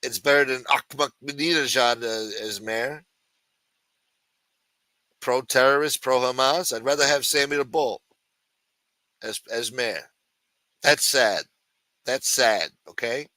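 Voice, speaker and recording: A man's voice: mid-range voice, slow, long pauses, pushed and bright, dry recording. A man hosting a livestream, rambling in a sarcastic, profane, casual way. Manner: rambling, sarcastic, heavy swearing. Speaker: livestream host.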